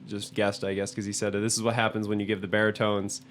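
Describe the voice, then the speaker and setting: A man's voice: on the low side, flat delivery, quick pace, a bit bright. Young man telling a rambling story. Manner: rambling storytelling with frequent restarts and laughs. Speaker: podcast co-host. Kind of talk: casual chat. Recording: faint background noise.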